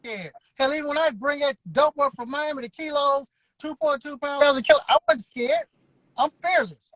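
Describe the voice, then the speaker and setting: A man's voice: extremely high pitch, fairly bright tone, no room sound, rough recording. A man, telling his story as an interview guest in an emphatic, preacher-like way. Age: 50s. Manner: emphatic, preacher-like, drawn-out words. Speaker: interview guest, barber school owner. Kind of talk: motivational storytelling.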